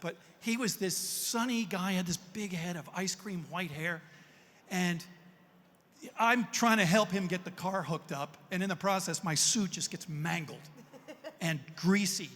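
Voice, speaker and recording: A man on a panel telling a story in a lively, self-amused way. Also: high-pitched, a little slow. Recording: long hall reverb.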